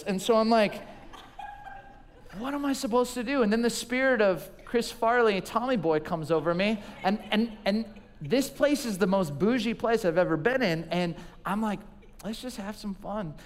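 Pastor in his forties, high voice, animated storyteller, church-hall reverb. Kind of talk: sermon.

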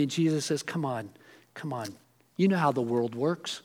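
A middle-aged male pastor preaching a sermon, acting out imagined voices and swinging from loud outbursts to hushed lines. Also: medium pitch, moderate pace, slightly rough.

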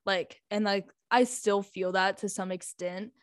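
A chatty eighteen-year-old woman recounts her week in a casual storytime vlog, peppered with "like" and "um" and frequent laughs. Her voice sits at an ordinary middle pitch. The sound is dry and close, with no room echo. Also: steady tone, measured pace. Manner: chatty, lots of "like" and "um", laughs often. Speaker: high school student.

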